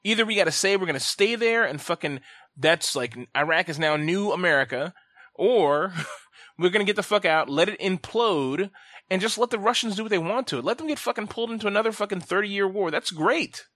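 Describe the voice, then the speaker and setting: A man hosting a casual podcast chat, ranting bluntly and profanely, his pitch and loudness swinging sharply as he gets worked up. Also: animated, brisk, dry recording, clean studio sound. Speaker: podcast host.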